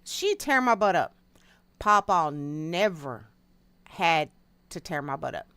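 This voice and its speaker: Playing a game on stream, this woman tells homespun stories in a folksy, animated country drawl, speaking casually into a desk mic. Her voice is bright and sharp yet deep, and she takes her time. The tone is clean with no room sound.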